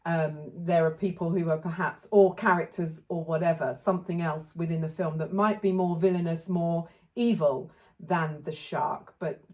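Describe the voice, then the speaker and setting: A woman co-hosting a casual film podcast, talking thoughtfully and often pausing to search for words. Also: fairly low pitch, fairly even intonation, a little mellow. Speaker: podcast co-host.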